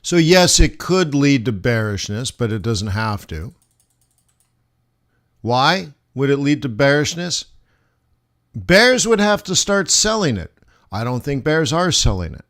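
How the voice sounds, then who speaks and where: Guy teaching forex on a live stream, talks slow, keeps asking viewers why, desk mic. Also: medium pitch, big pitch swings, a bit bright. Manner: conversational, rhetorical questions to viewers. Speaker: forex trading instructor. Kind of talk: live-stream trading lesson.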